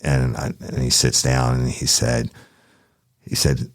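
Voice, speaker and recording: A man's voice: extremely low pitch, completely flat delivery, takes it slowly, no echo, studio quality. A man telling a true crime story in a casual, profane way, speaking directly to his listeners.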